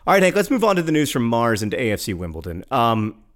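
A man's voice: mid-range voice, sing-song, quick pace, fairly bright tone. A man from the American South co-hosting a casual talk show, wry and enthusiastic, with many fillers and restarts. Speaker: podcast co-host. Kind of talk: casual chat.

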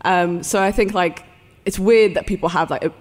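A woman's voice: lowish voice, normal speed, long reverb tail, soft background music. A young woman with a London accent, a guest on a live podcast, chatty and giggly, full of fillers. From England.

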